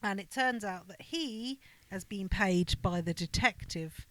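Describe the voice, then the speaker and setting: A woman's voice: medium pitch, a little slow, a bit bright, poor audio. A woman co-hosting a podcast, casually recapping a film, agreeing often and filling in plot details. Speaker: podcast co-host.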